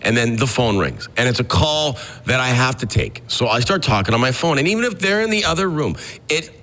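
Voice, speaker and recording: A man's voice: animated, brisk. A man in his thirties co-hosting a morning radio show, telling stories in a chatty, joking way. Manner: chatty storytelling, jumps up high for quoted yelling. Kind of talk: casual radio banter. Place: radio studio.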